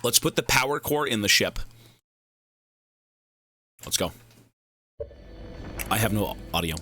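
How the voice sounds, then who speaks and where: A man's voice: on the low side, animated, slow pace, pushed and bright. A young man streaming a game, chatting casually, rambling and cursing as he goes off on side tangents. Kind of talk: casual livestream chat while gaming.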